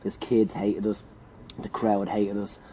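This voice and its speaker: A man's voice: fairly low pitch, completely flat delivery, measured pace, dark tone, a little hiss or hum, low-quality recording. A man telling a comic anecdote as a podcast guest, laughing, swearing and acting out what people said. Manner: laughing, swearing storyteller who acts out quotes.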